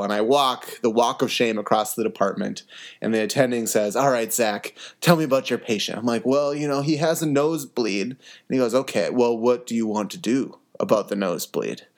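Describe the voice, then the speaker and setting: A young man, an emergency medicine resident, hosting an educational podcast and telling a personal story in an earnest way, acting out quoted dialogue. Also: mid-range voice. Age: young adult.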